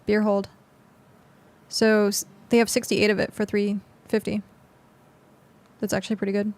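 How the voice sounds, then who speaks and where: Chatty young woman streamer, gravelly edge. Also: mid-range voice, flat delivery, normal speed, darkish tone. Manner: chatty, rambling, lots of fillers. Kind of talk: casual gameplay commentary.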